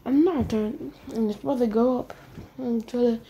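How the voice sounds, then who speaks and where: A woman's voice: fairly high pitch, fairly even intonation, moderate pace, dark tone, slight background noise. A woman improvising a fan-fiction retelling, rambling and stumbling over words, with frequent whispered asides. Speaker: storyteller.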